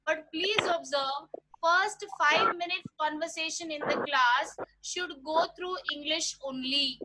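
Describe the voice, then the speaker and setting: A woman with a very high voice gives an online lecture to teachers over a video call. She explains each point slowly and speaks straight to the participants. Loud noise sits under her voice throughout. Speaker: teacher trainer leading a webinar.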